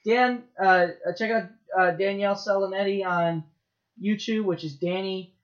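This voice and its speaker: A man with a high voice chatting loosely on a podcast, stumbling through plugs between chuckles. The sound is dull and lo-fi. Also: fairly even intonation, normal speed. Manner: rambling, laughing, running through plugs. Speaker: podcast co-host. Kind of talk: casual podcast banter.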